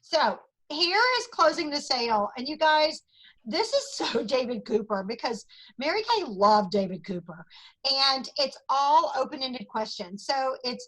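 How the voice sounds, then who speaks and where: A woman's voice: high voice, sing-song, measured pace, fairly bright tone, low-quality recording. A woman with a Southern US accent running a sales training, upbeat and acting out customer chats. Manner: upbeat, role-plays customer chat with quoted lines. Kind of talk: training talk to a sales team.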